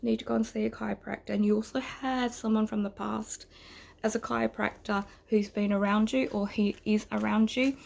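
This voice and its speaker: Tearful woman with a gravelly voice. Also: medium pitch, steady tone, brisk, darkish tone. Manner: rambling, emotional, drifting into whispers. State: close to tears. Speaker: tarot reader. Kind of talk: spoken channeled message.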